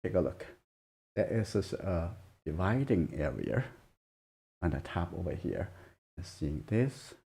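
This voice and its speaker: Soft-spoken gravelly drawing teacher. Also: male voice, low voice, very animated. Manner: soft-spoken, halting, murmurs while drawing. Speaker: drawing instructor. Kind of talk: live drawing demonstration.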